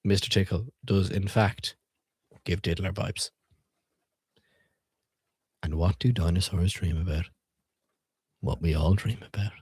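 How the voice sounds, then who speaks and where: A man's voice: deep voice, fairly even intonation, a little slow, pauses often, a little mellow, slightly rough, no room sound, studio quality. A man streaming as he reads and reviews children's books, joking irreverently, swearing freely and quizzing his viewers. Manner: profane, irreverent and jokey; asks the viewers questions. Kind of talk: casual comedic commentary reading aloud.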